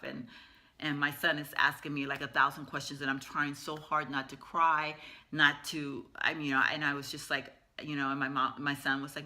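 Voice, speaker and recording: Bright-voiced woman telling a painful story. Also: rumbling low. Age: middle-aged. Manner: emotional, halting retelling with many fillers. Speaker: vlogger. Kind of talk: storytime vlog.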